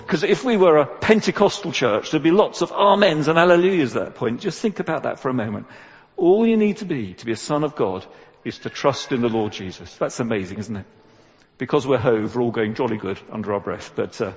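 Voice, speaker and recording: A man preaching a lively, conversational sermon with humorous asides. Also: mid-range voice. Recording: dull, echoey church recording.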